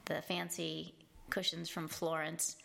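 A woman's voice: deep voice, completely flat delivery, takes it slowly, gravelly, fairly bright tone. A woman chatting casually about her home, laughing often and trailing off mid-sentence. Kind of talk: casual chat. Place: home in Italy.

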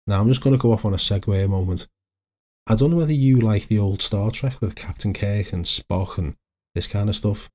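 Low, mellow, husky-voiced man. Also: brisk. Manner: chatty, digressive, anecdotal. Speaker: podcast host, life coach. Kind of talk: solo motivational podcast talk.

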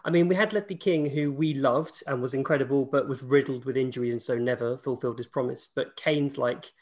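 A man's voice: medium pitch, fairly quick, darkish tone. A man appearing as a guest podcast host, talking in an earnest, rambling way. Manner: earnest, rambling, many fillers and restarts. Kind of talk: casual podcast chat.

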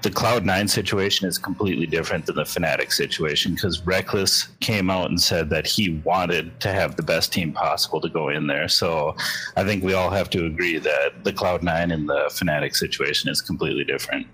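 A man from North Dakota with a very deep voice, calling in to a talk show and earnestly arguing his point at length. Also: steady tone, brisk, bright, forceful tone, slight background noise, rough recording. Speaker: caller. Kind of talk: casual call-in chat.

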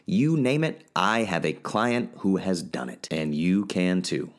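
A man hosting his own podcast, talking in an upbeat, rambling way with self-mocking asides. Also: deep voice. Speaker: podcast host. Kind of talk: casual solo podcast talk. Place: home studio.

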